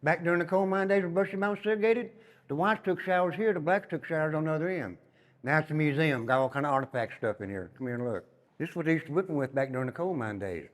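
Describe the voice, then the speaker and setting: An older man with a Tennessee Southern accent, a former inmate telling stories as he guides a tour through an old prison, emphatic and dropping to a low murmur on his repeated asides. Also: fast. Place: inside an old prison building. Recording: long reverb in hard rooms.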